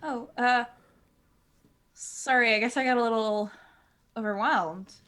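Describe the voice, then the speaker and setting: A woman's voice: a little high, a little slow, fairly bright tone. A woman playing a tabletop role-playing game, eagerly asking the game master questions. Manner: eager, asks many questions. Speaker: player.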